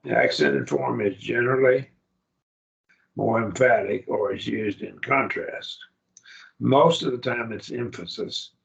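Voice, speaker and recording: A man's voice: medium pitch, a little slow, gravelly, muffled recording. A man teaching a Greek grammar class, explaining patiently and often checking that students follow.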